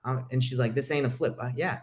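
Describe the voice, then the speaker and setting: A man's voice: medium pitch, steady tone, quick pace. Blunt, emphatic man coaching on a call. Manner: blunt, emphatic, calls listeners bro. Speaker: real estate investing coach hosting a call. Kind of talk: casual coaching chat.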